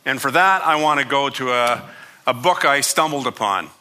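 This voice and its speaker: A man's voice: mid-range voice, moderate pace, sharp tone. A man preaching a sermon as pastor, emphatic and repeating phrases for effect.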